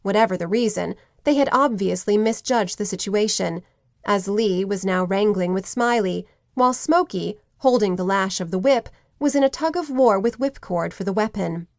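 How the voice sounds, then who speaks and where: A woman narrates a teen adventure audiobook in the first person with steady, clear storytelling. Her voice sits at a middle pitch. The recording is dry and close, made on a studio mic. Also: normal speed, no room sound.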